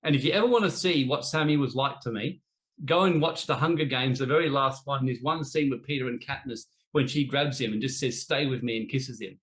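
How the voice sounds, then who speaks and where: A man's voice: medium pitch, fairly quick, a bit bright. A man teaching in a live online discussion, telling an earnest, confessional personal story and later teasing his co-hosts playfully. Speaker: teacher in an online spiritual debate.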